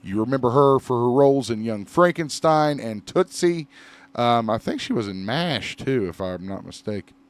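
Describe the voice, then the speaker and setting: A man hosting a casual podcast, loose and rambling, with frequent laughs and easy swearing. His voice is clean and smooth, sitting at an ordinary middle pitch. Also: lively intonation, moderate pace. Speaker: podcast host. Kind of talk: casual chat.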